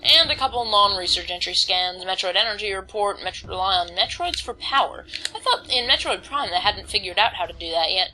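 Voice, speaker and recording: A woman's voice: medium pitch, lively intonation, brisk, hardly any pauses, bright, forceful tone, a little hiss or hum, rough recording. A woman casually commenting on her gameplay, reading on-screen text aloud and stumbling over words now and then. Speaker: let's play host.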